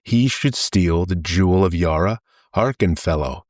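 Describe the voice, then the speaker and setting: A man's voice: sits low, a little slow, darkish tone, no echo, clean studio sound. A man voicing a fat, boastful rogue who blusters and mocks. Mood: jeering. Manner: blustering, mocking. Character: fat boastful middle-aged male rogue, jeering.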